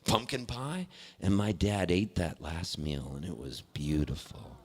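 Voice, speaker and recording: A man's voice: extremely low pitch, unhurried, a little mellow, breathy edge. Man telling a story onstage. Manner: earnest, conversational, acts out quoted voices. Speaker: performing musician. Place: concert hall stage.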